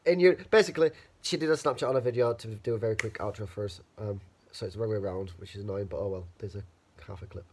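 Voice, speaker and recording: In his bedroom at a student house, a young student with a cold holds the camera and rambles casually, swearing as he talks. He is a fast talker with a lowish voice, and slight background noise can be heard.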